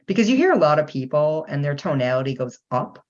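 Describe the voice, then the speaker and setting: A woman's voice: low voice, sing-song, quick pace, a little mellow. A woman hosting a podcast, chatty with lots of fillers as she asks questions. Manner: chatty, many fillers, quotes voices in stories. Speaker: podcast host. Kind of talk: podcast interview. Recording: slightly dull lo-fi sound.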